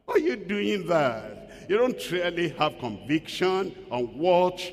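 Lively-voiced male preacher in a hall. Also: sits high, takes it slowly. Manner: emphatic, with rhetorical questions and acted-out quotes. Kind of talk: sermon. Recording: long hall reverb.

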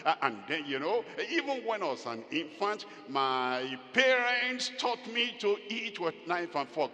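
A man preaching a sermon with emphatic, drawn-out phrasing and sudden loud rises. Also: sits high, very animated, big-room sound.

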